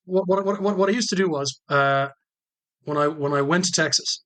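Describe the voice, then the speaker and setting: Irish man, middle-aged, rapid speech, slightly high voice, repeats words as he talks, podcast guest. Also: pushed and bright. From Ireland. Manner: fast, many stammered word repeats. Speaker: guest military historian. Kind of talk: casual podcast conversation.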